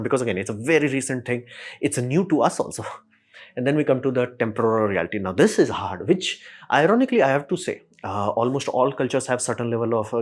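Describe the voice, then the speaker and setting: Animated man ranting in casual slang. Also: medium pitch. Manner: animated, slangy, acts out quoted voices. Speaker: show host. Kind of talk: casual monologue.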